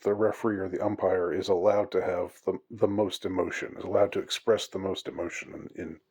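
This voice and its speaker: A man's voice: low-pitched, flat delivery, a little fast, a little mellow, breathy edge. A man giving a rambling, mock-outraged monologue with many fillers and restarts. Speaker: commentator on English usage. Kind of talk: casual monologue.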